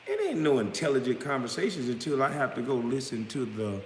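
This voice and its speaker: Man with a middle-pitched voice, ranting blunt and profane to camera; reverberant room with a long tail and faint background noise. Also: big pitch swings, brisk. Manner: blunt, profane, confrontational, rising to loud outbursts; smoking hookah while talking. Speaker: vlogger responding to critics. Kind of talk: profane direct-to-camera rant.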